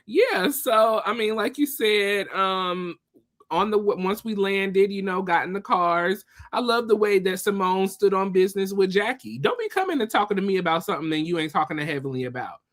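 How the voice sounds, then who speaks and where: A woman's voice: medium pitch, normal speed. A woman co-hosting a podcast, chatting casually, chiming in with short reactions and plenty of laughter. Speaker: podcast co-host. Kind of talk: casual chat.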